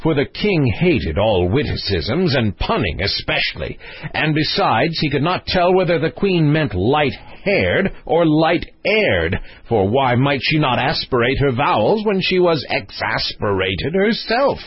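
A man's voice: fairly high pitch, sing-song, unhurried, breathy edge, no room sound. A man reading a storybook aloud as an audiobook narrator, telling it expressively, on a dull lo-fi recording.

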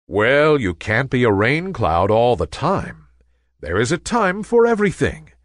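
A wise, kindly sun from a children's storybook, speaking in a gentle, measured way, as a man puts him on. The pitch rises and falls widely, and the close recording is dry. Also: very animated, no echo. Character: grand kind male sun, calm and wise.

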